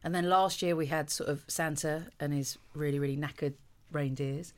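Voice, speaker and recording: A woman, guesting on a podcast with a slightly low voice. She rambles cheerfully and pokes fun at herself, with plenty of fillers along the way. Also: normal speed. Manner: lively, rambling, self-deprecating, many fillers. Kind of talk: casual chat.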